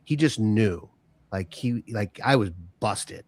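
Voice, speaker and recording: Low-voiced relaxed podcast host. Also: male voice, slow. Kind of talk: casual chat.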